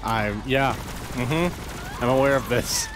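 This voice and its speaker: A man's voice: mid-range voice, slow, noisy background. A man streaming a video game, chatting casually, giggling and swearing freely. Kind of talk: casual gaming commentary. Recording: game music in background.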